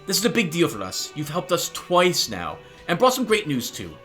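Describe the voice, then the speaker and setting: A man's voice: on the high side, huge pitch swings, normal speed, pushed and bright, soft background music, exaggerated voice. A man voicing an emotional male cryptozoologist in a game, reading his lines in his own voice. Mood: earnest. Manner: reading game dialogue aloud.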